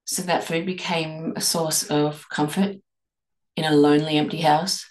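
A woman hosting a reflective podcast, leading listeners through a string of gentle questions. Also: low-pitched, flat delivery, measured pace. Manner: asks many guiding questions, gentle restarts. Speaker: podcast host and eating coach. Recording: echoey room.

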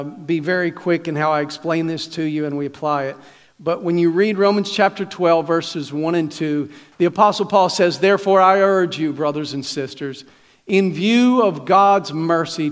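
A man's voice: high-pitched, a bit bright, big-room sound. A man pastor preaching a sermon in a conversational, folksy way, with restarts and questions to the congregation. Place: church sanctuary.

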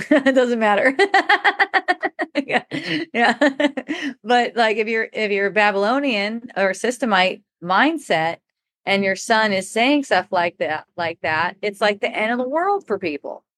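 A woman's voice: mid-range voice, expressive, a little slow, fairly bright tone, no room sound. A middle-aged woman telling a personal story in casual talk, laughing often and acting out what people said. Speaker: podcast speaker.

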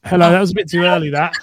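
A man's voice: sits high, a bit bright. A man co-hosting a podcast, chatting casually and teasing his co-host with playful banter. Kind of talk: casual chat.

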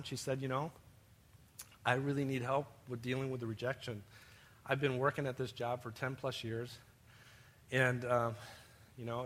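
A man's voice: medium pitch, a bit bright. A man preaching a sermon, telling personal stories and addressing his listeners as beloved. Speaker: pastor.

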